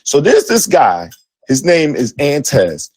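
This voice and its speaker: A man's voice: on the high side, huge pitch swings, slow, darkish tone, husky, no echo. A middle-aged man, co-host of a sports talk show, telling a story with profanity and emphatic acted-out dialogue. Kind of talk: animated storytelling.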